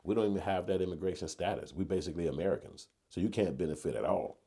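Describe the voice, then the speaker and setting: A man talks through a casual opinion monologue in a low, dark register with a husky edge. His speech is loose and slangy, and he keeps pressing his points with emphatic bursts. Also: quick pace. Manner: conversational and slangy, building to emphatic rants. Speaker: commentary vlogger.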